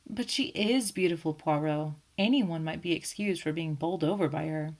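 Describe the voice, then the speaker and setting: An earnest young Englishman speaks eagerly, as a woman reading an audiobook voices him. The voice is low-pitched and plain, close to her own. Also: moderate pace, a little mellow. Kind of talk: audiobook character voice.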